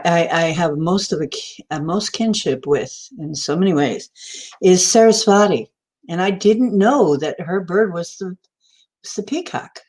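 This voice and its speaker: A woman's voice: deep voice, a little mellow. Rambling woman livestream host. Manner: rambling, storytelling, answers chat viewers. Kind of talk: casual spiritual talk on a livestream.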